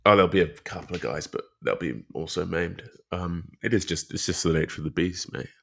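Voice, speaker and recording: A young man with a very deep, low voice talking rugby on a podcast. His manner is laid-back and easygoing, and he hedges his points with plenty of filler words. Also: brisk, creaky. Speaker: rugby player and podcast regular. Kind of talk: casual rugby podcast chat.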